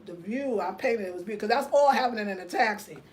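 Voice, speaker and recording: A woman, hosting a casual livestream rant, telling an animated story straight to her viewers and reading their comments aloud. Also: medium pitch, fast. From United States. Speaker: host.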